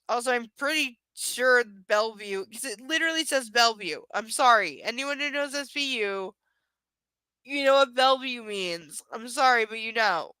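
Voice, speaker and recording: A woman's voice: fairly high pitch, lively intonation, normal speed, sharp tone, smooth, no echo, poor audio. A young woman with a stuffy, nasal voice, hosting a live book-reading stream. She talks in a tired, rambling, affectionate and self-deprecating way. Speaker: livestream host reading a book aloud. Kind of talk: casual live-stream chat.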